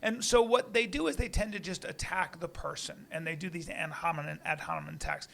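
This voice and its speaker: A man hosting a podcast, agreeable and halting as he talks. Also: fairly high pitch, vocal fry, fairly bright tone. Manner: agreeable, halting, many restarts. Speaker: host. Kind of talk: podcast conversation.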